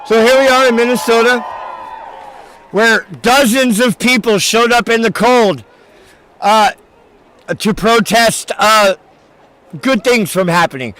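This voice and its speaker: High-voiced mocking stream commentator man. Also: unhurried, long pauses, some chatter behind, slight background noise. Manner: mocking, laughs often, loud outbursts. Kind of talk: casual live-stream commentary.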